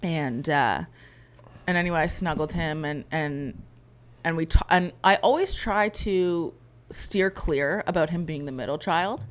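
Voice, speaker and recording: Low-voiced emotional woman telling a story. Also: unhurried. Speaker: podcast co-host. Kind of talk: candid conversation.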